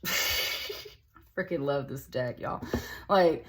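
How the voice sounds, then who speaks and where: A woman with a slightly low voice gives a casual tarot reading to camera. She talks in a chatty, upbeat way. She addresses her viewers directly and warmly with little endearments. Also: lively intonation, extremely slow, pauses often. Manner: chatty and upbeat, with many fillers and laughs. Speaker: tarot reader.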